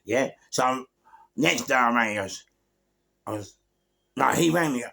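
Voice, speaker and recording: A man with a London accent, appearing as a guest, tells stories casually using street slang and swearing, often checking in with "yeah?" His mid-range voice is expressive and creaky, with a bright, forceful tone, and he speaks unhurriedly.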